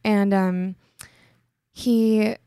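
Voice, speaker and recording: A woman's voice: mid-range voice, steady tone, drawn-out words, warm tone, clear, resonant tone, dry recording, clean studio sound. A young adult woman hosting a podcast, telling a personal story in a casual, chatty way full of "like" fillers. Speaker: podcast host.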